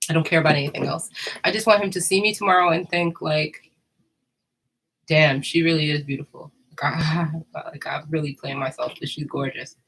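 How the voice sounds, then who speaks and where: A woman's voice: low-pitched, fairly even intonation, fairly quick, a bit bright, husky, rough recording. Candid, slangy New woman in her thirties. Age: 30s. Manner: candid and slangy, with frequent laughs. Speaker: vlogger. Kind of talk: casual monologue to camera.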